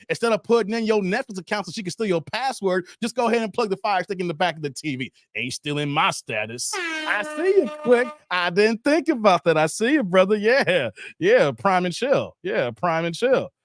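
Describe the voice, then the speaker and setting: Male livestream host, high voice, dry close mic, laughs a lot, heavy on slang. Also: a little fast, hardly any pauses, no echo. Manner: animated, laughs often, slangy, reads chat aloud. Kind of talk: casual livestream chat.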